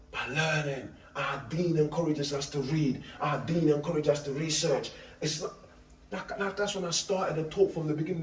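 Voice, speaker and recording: A middle-aged man giving an animated, slangy street talk, repeating himself and firing questions at his listeners. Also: high-pitched. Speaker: street preacher. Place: outdoors on a street. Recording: echoey street audio from a distance.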